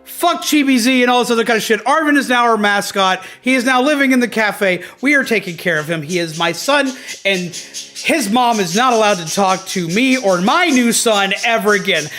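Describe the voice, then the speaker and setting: A man's voice: high voice, moderate pace. A man streaming a video game, ranting in casual commentary with lots of swearing. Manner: animated, profane ranting. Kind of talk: casual gaming livestream commentary. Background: faint background music.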